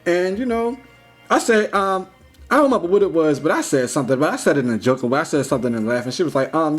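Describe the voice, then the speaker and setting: A young man talking in a casual, rambling vlog monologue, full of "like" and "you know", slangy and animated. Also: a little high, fast talker, soft background music. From United States. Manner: rambling, heavy use of "like" and "you know", restarts; slangy, animated when retelling. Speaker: vlogger.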